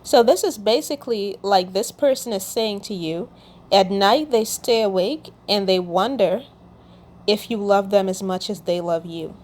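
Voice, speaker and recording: A woman's voice: mid-range voice, a little slow. A woman hosting a casual Christian video, reading out song lyrics and explaining them, checking in often with "okay?". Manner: warm, checks in with "okay?", reads lyrics aloud.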